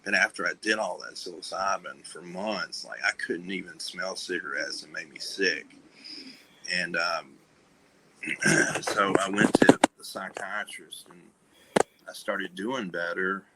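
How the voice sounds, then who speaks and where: A man speaking as a podcast guest, telling a personal story candidly in a halting way, with many fillers and restarts, and often trailing off softly. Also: low-pitched, a little hiss or hum, low-quality recording. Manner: soft-spoken, trailing off. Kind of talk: candid conversation about recovery.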